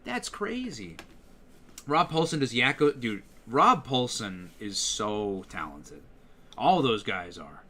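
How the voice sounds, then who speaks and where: A man's voice: lowish voice, takes it slowly. A man, a voice actor, chatting casually while streaming a game and demonstrating voices. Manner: animated, slips into voices to demonstrate.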